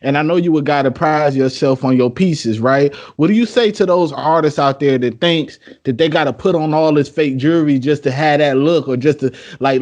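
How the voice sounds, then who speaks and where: A man's voice: fairly high pitch, a little mellow, highs cut off. A man hosting a podcast, asking questions in a laid-back casual way, full of fillers. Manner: laid-back, many yeahs and you-know fillers. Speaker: podcast host.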